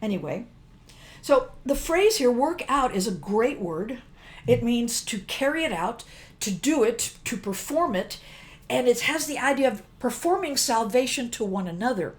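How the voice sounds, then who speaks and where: A woman's voice: on the high side, lively intonation, normal speed. An older woman giving a casual devotional teaching, chatty and emphatic, often breaking off mid-phrase to restart. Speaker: worship teacher.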